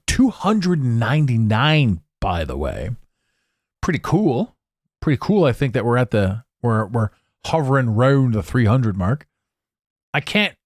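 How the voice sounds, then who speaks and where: A man hosting a solo podcast, rambling in a jokey, animated way into a close microphone. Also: medium pitch, normal speed, no room sound. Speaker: podcast host. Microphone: close studio mic.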